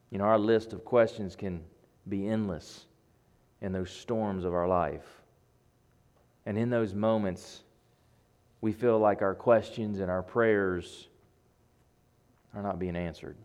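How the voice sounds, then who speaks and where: A man preaching a sermon, swinging between loud bursts and hushed passages, building rhythmic lists and asking his listeners questions. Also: lowish voice, steady tone, slow pace, long pauses. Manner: addresses listeners directly with questions.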